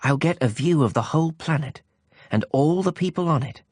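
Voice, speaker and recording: A man doing a gentle wondering boy prince. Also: lively intonation, brisk, no echo, clean studio sound. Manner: high, soft and wistful, questions drawn out. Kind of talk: audiobook character voice.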